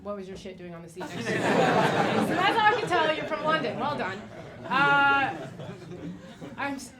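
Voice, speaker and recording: A woman's voice: high-pitched, big pitch swings, normal speed, over a noisy crowd. A woman of Egyptian origin performing a casual stand-up comedy routine, swearing and telling stories. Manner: casual, swearing, storytelling with quoted voices. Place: comedy club stage.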